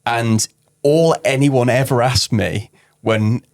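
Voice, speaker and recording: Rich: A man with a northern English accent chats on a running podcast, mid-pitched and relaxed in delivery. He pokes fun at himself, trips over his own words and laughs them off. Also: slow, creaky. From northern England. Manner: self-deprecating, joking, restarts often. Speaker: podcast co-host. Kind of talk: casual podcast chat.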